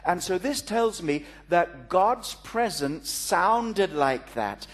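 A man's voice: sits high, big pitch swings, takes it slowly. A man, a pastor, preaching a sermon to a congregation, telling a story with playful asides. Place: church before a congregation.

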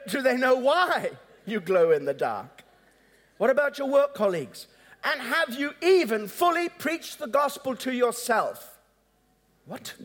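A man pastor preaching a sermon in a conversational way, acting out dialogues and chuckling at his own asides. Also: sits high. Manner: acts out both sides of dialogues. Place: large church hall. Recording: long hall reverb.

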